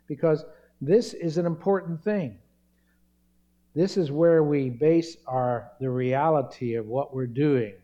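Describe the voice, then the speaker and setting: A man's voice: medium pitch, warm tone, dull audio. A middle-aged man pastor delivering a sermon, earnest and emphatic, stressing key words.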